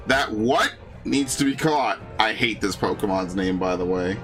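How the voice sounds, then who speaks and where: A man's voice: medium pitch, steady tone, normal speed, fairly bright tone, soft background music. A man streaming a game, reading its dialogue aloud and ranting in crude, sarcastic jokes. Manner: crude, sarcastic, jokey rants. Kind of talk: casual gameplay commentary.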